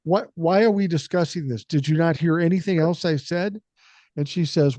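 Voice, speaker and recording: A man's voice: a little high, normal speed, a little mellow, dry recording. An older man hosting a podcast, talking casually and bluntly with lots of swearing, a bit under the weather with a cold. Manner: blunt, profane, storytelling. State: has a cold. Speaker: podcast host.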